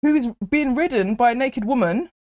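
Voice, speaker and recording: A woman casually retelling a film, animated and laughing as she acts out the characters. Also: sits high, normal speed.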